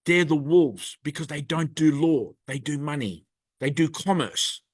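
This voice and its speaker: A man's voice: a little high, unhurried, breathy edge, no room sound. An angry man delivering a rambling, emphatic monologue to camera. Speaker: video presenter.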